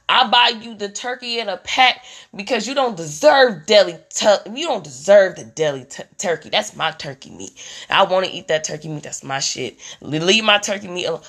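A young woman doing a profane comedic rant about motherhood, animated and full of mimicry. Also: on the high side.

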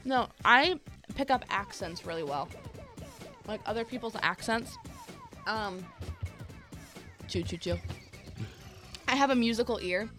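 A young woman from Indiana with a Midwestern accent, co-hosting a casual radio chat, talkative and quick to laugh. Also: a little high, animated, over music. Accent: Midwestern American. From Indiana, USA. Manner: chatty, laughs often. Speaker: radio co-host.

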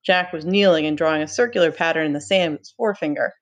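A woman teacher reading a novel aloud to students, with steady narration and explanatory asides. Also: sits low, quick pace, lo-fi sound.

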